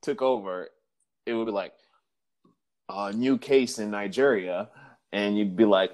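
Man, very low voice, casual chat, slangy, rambling, acted-out quotes. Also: measured pace, pauses often, darkish tone.

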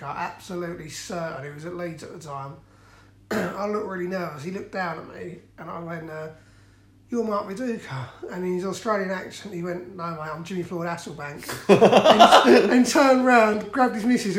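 A high-voiced man co-hosts a casual podcast. He tells rambling anecdotes and laughs often as he goes. His voice carries a roomy echo. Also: normal speed. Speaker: podcast co-host. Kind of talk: casual chat.

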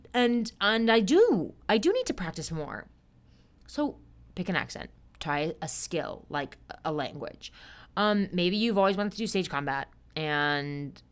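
A woman's voice: fairly low pitch, a bit bright. A young woman hosting a casual solo podcast, chatty and upbeat, who loses her train of thought and pokes fun at herself. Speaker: podcast host and stage performer.

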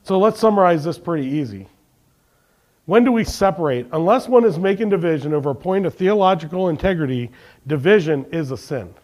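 A pastor preaches fairly quickly and expressively, his voice on the high side. He reads scripture aloud and questions the congregation, going from emphatic statements to quiet ones.

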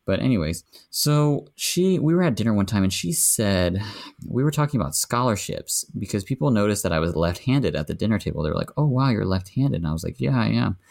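A man, a podcast guest, telling a story in casual chat and getting heated and animated as he goes. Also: brisk, creaky. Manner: animated storytelling, rising pitch when indignant.

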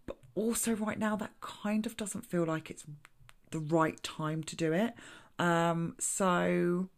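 Low-voiced chatty woman podcast host. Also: steady tone, slow. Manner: chatty, self-interrupting, laughs at own slips. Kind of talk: casual solo podcast with card reading.

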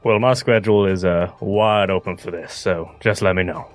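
Calm, wry man playing his character. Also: deep voice, moderate pace. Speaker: player. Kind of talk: in-character tabletop play.

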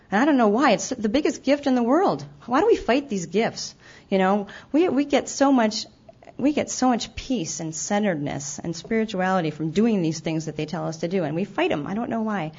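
A woman speaks openly at a recovery gathering, candid and wry about her own failings. Her voice sits at an ordinary middle pitch and often falters into quick restarts. The recording is muffled and lo-fi. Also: darkish tone. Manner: candid and self-deprecating, with halting restarts; acts out her own past remarks. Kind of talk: personal testimony talk. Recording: dull lo-fi event recording.

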